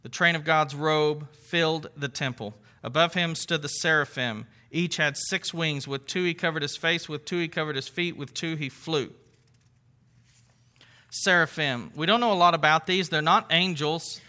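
A man's voice: on the high side, moderate pace, pushed and bright. A man preaching a sermon to his congregation, conversational, with rhetorical questions and asides. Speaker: pastor.

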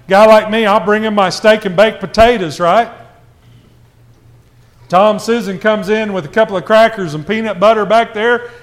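A high-voiced man preaches conversationally to a church congregation. He asks rhetorical questions and moves back and forth between quiet asides and raised, emphatic passages.

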